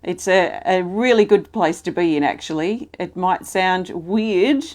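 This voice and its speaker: A woman hosting a live healing stream, reading out viewers' comments and answering them in a gentle, soothing, reassuring way. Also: on the low side, measured pace. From Australia.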